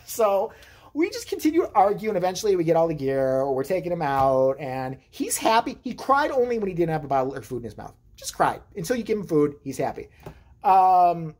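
A man vlogger telling a comedic personal story in an animated, profane, rambling way. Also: fairly high pitch, a little fast.

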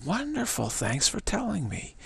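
A man's voice: sits high, huge pitch swings, normal speed, creaky, fairly bright tone, breathy edge, no echo, pitched above the performer's own voice, exaggerated voice. A man putting on a pleased male boss who welcomes complaints, speaking in a mock-cheerful, sarcastic way.

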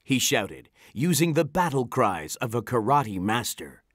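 Animated storybook narrator. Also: mid-range voice, a little slow, breathy edge, dry recording, clean studio sound. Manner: animated, expressive reading. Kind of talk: storybook read-aloud.

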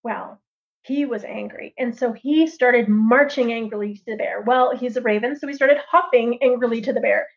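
High-voiced woman telling a folk tale. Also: moderate pace, gravelly. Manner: lively, chatty, with asides and laughs. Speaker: storyteller. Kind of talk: oral storytelling on a livestream. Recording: dull lo-fi livestream audio.

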